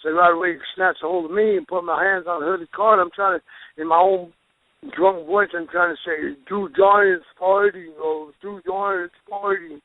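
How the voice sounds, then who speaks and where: Man, high-pitched, rambling animated storyteller, tinny dry phone line. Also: fairly quick, dry recording. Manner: rambling, animated storyteller with restarts and folksy exclamations. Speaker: guest, professional wrestler. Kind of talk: storytelling interview.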